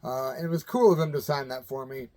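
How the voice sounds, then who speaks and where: A Midwestern American man in his fifties hosts a channel, telling rock stories in loose, colloquial, anecdotal fashion and acting out the people he quotes. He talks fast, with a warm, mid-range voice.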